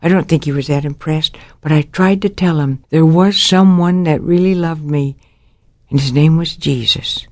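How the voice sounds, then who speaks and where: An older woman shares her Christian testimony in a low, slightly mellow voice at a moderate pace. She tells her life story dramatically, acting out the voices of people in it, on a dry, clean studio recording.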